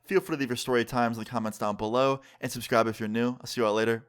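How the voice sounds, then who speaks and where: A man's voice: mid-range voice, very fast, clean tone. A young man vlogging a storytime in casual slang, acting out the dialogue. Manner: animated, slangy, acts out dialogue.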